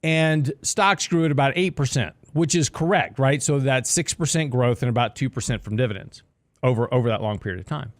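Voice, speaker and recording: This mid-range male voice talks fairly quickly, captured on a studio mic with no room sound. As host of a finance talk show, he gives chatty radio commentary on the markets, complete with joking asides.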